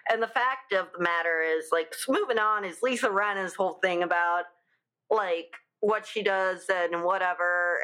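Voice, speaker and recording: A woman's voice: on the low side, a bit bright. A young adult woman hosting a podcast in casual, gossipy chat, with many fillers. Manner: chatty, gossipy, lots of fillers. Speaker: podcast host.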